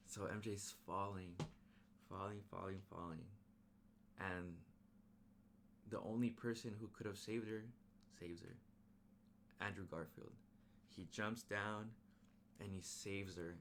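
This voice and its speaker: Man, fairly low voice, excited, slangy, casual movie recap, faint background hiss. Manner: excited, slangy, retells scenes with sound effects. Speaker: movie reviewer.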